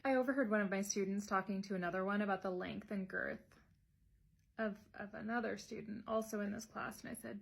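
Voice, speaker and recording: A woman teacher telling classroom stories to camera, wry and dry, sometimes dropping to hushed gossipy asides. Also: mid-range voice, fairly even intonation, brisk, vocal fry. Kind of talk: casual storytelling to camera.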